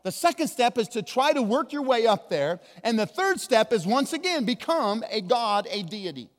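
A man preaching a sermon as pastor, emphatic, slowing down hard on key words, with big swings between loud and quiet. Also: very high voice, sing-song. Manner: emphatic, with slow drawn-out stresses and wide swings in loudness. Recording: long hall reverb.

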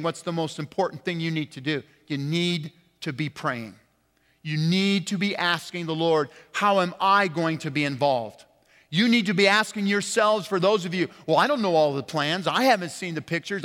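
A man preaching a sermon as pastor, impassioned, swinging from loud emphatic peaks to quiet, low, stressed words. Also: moderate pace. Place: church sanctuary. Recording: long hall reverb.

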